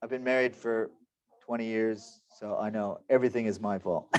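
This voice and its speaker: A man's voice: on the low side, fairly quick, darkish tone. A man in his forties teaching an online class with chatty, joking, self-deprecating asides. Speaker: lecturer. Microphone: computer microphone.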